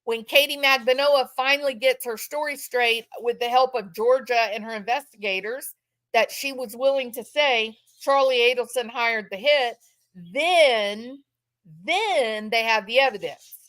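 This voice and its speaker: A woman's voice: on the high side, measured pace, a bit bright. A woman giving impassioned true-crime commentary from home, repeating phrases for emphasis and mock-quoting others.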